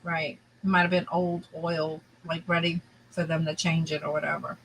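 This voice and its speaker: A woman's voice: low voice, little pitch movement, moderate pace, slight background noise, poor audio. A woman with a Louisiana accent, chatting casually as co-host in an easygoing, agreeable way. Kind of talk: casual chat.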